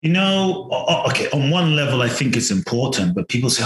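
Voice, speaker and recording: A man telling a personal story in conversation, animated and acting out his own thoughts. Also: medium pitch, brisk, echoey room, a little hiss or hum, low-quality recording. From from outside the US. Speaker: podcast guest, personal development teacher.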